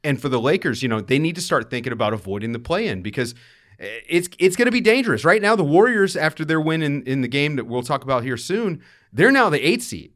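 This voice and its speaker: A young adult man hosting a sports talk show, giving an upbeat, rapid run of game analysis and stats. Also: on the high side, big pitch swings, fairly bright tone.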